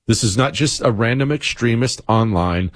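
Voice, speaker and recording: A man's voice: medium pitch, moderate pace, no echo, clean studio sound. A man hosting a political talk show, giving an opinionated monologue in an emphatic way and repeating phrases for stress.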